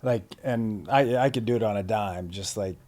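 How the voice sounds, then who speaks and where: A man's voice: lowish voice, normal speed, darkish tone. A middle-aged man from Massachusetts, a guest actor in a casual interview, telling stories in a laid-back, slangy way with many fillers and restarts. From Plymouth, Massachusetts.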